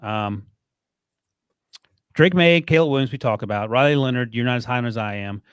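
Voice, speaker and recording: A man hosting a sports podcast, leading the chat with quick, teasing back-and-forth. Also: medium pitch, clear, resonant tone, dry recording. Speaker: podcast host.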